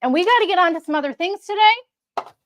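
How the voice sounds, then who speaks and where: A woman's voice: very high voice, animated, a little fast, a little hiss or hum. A woman hosting a casual live stream, talking in a chatty, rambling way with frequent restarts. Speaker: host.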